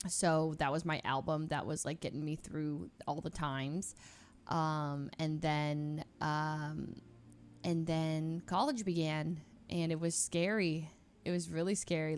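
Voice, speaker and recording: A woman's voice: sits low, slight background noise. Chatty young woman from Northern California. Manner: rambling, animated storytelling with many fillers. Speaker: streamer. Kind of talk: casual storytelling chat.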